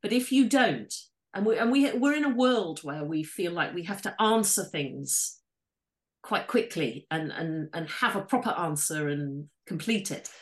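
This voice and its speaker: A woman's voice: on the low side, expressive, unhurried. A woman, a storyteller and author, talking thoughtfully and with enthusiasm in an interview. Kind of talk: interview conversation.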